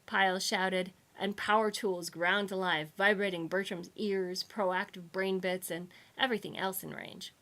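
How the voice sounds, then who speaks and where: A woman's voice: mid-range voice, fairly even intonation, a little slow, hardly any pauses, a bit bright. A woman reading her own humorous sci-fi book aloud with wry, playful narration.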